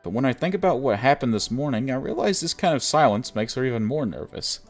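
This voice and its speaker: A man's voice: mid-range voice, sing-song, quick pace, faint music behind. A man streaming a visual novel, reading the story aloud and chatting casually with viewers, laughing often.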